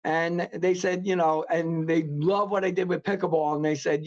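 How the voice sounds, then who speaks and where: A man's voice: a little high, fairly even intonation, normal speed, darkish tone, muffled recording. A man with a New York accent, a podcast guest telling his story in casual chat, full of fillers and restarts. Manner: rambling, many fillers and restarts.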